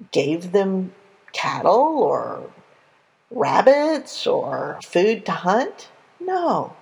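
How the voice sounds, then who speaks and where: A woman telling a Bible story in an animated, conversational way for young listeners. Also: mid-range voice, gravelly, breathy edge, rough recording.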